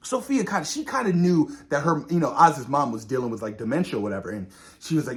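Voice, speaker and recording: A man hosting a reaction video, reviewing a TV episode in a casual, excited way, often calling out to viewers and acting out characters' lines. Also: fairly high pitch, fast. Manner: animated, addresses viewers as "you guys", acts out characters' lines.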